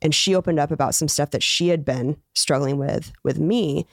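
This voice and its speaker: A woman comedian as a podcast guest, telling stories in a chatty, animated way. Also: low-pitched, normal speed, gravelly, no echo, clean studio sound. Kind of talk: casual chat.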